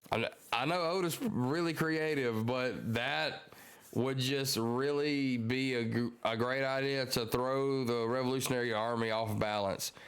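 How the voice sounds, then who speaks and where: A man's voice: mid-range voice, fairly bright tone, smooth. A man hosting a manga reaction, reading the chapter aloud and commenting between pages. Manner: slow, drawn-out commentary.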